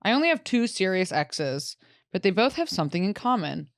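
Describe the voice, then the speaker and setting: A woman's voice: medium pitch, very animated, dry recording, studio quality. A woman co-hosting a podcast, chatting casually in a playful, teasing way. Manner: playful, teasing, quick to laugh. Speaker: podcast co-host. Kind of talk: casual chat.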